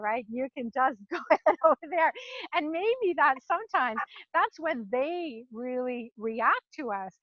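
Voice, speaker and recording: A woman with a high voice teaches volunteers through a hands-on demonstration. She talks in an animated way, laughing often and acting out what the animals might be thinking. The sound is dry and slightly dull. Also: unhurried, no echo. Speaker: volunteer trainer. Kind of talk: instructional demonstration. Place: farm sanctuary.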